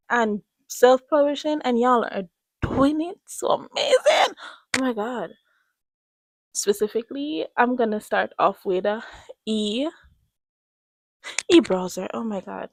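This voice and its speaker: A woman's voice: a little high, no room sound. A woman, gushing in a casual, rambling chat to camera as a book reviewer. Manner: gushing, animated, rambling with restarts.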